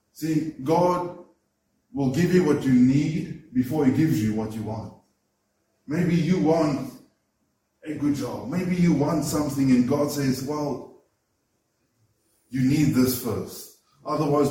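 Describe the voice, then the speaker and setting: A man's voice: mid-range voice, dark tone, a little hiss or hum. A man preaching a sermon, earnest and emphatic, often repeating words as he builds a point. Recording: roomy echo, voice from far off the mic.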